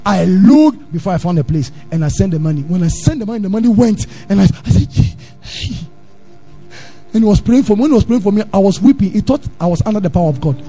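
A Ghanaian pastor preaching a sermon in church, animated, drifting into sing-song and acting out his stories. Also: sits high, fast, few pauses, faint music behind. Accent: Ghanaian English.

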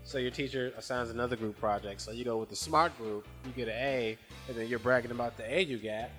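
A man's voice: mid-range voice, quick pace, a bit bright, soft background music. A man making dry wisecracks in a casual chat among friends.

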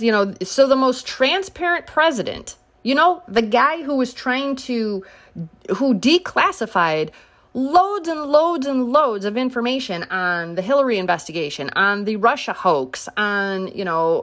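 A woman's voice: on the high side, fairly bright tone. A woman giving casual political commentary, sarcastic and combative, pushing her voice up sharply on her biggest points.

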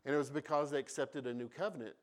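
Talking at a quick pace in a medium-pitched voice, a pastor brings Bible stories to life in his sermon, voicing the characters himself and adding humorous asides.

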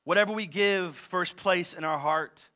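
A man preaching a sermon as pastor, moving between forceful emphatic passages and conversational asides. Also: high voice, unhurried. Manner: preaches with rising intensity, mixes emphatic and conversational. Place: church service in a large theater.

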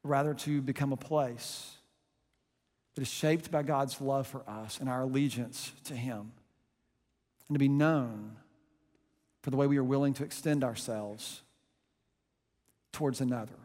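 A man preaching a sermon as pastor, pushing loud on key lines and dropping to a hush for quiet moments, in a church auditorium. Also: mid-range voice, fairly even intonation, measured pace, pauses often. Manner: emphatic preaching, swings from loud pushes to soft hushed lines. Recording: long reverb of a large hall.

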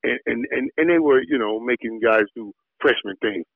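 A middle-aged man from Miami, a former football player, telling animated stories in an interview with repeated words when excited. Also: medium pitch, normal speed, gravelly, no room sound. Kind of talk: storytelling interview. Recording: tinny phone-like dry line.

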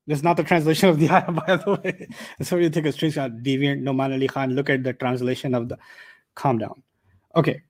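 A man with a fairly high voice teaches a roomful of students, talking conversationally and working through examples on a screen. His tone is animated, with quick asides to the audience. He sometimes steps away from the mic, so he drifts a little farther off. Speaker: Quran teacher. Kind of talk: classroom tafsir lecture.

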